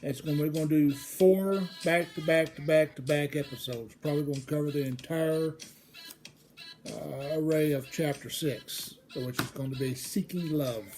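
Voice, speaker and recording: Woman storyteller, low voice, casual and rambling, rises to excited retelling; faint music under. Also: moderate pace. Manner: rambling, restarts, grows loud and excited in the retelling. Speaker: storyteller host. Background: faint background music.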